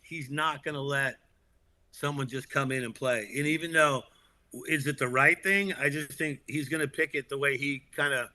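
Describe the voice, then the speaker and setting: Bright-voiced man talking sports. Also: medium pitch, moderate pace, slight background noise. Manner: animated, laughs often, restarts. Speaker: podcast co-host. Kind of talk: casual sports chat.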